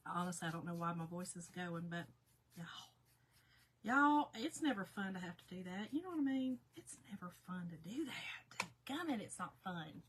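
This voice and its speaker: A woman hosting a casual live painting chat, reading out viewer comments in a folksy way, her voice going hoarse. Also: lowish voice, sing-song, moderate pace, slight background noise. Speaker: crafting livestream host.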